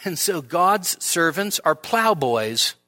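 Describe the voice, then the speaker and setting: A middle-aged male pastor delivering an expository sermon in a church. His voice sits a little high and rings bright and forceful. He is earnest and emphatic, and he doubles back on his words to drive each point home. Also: sing-song, slow pace. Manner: earnest, emphatic, repeats phrases for stress.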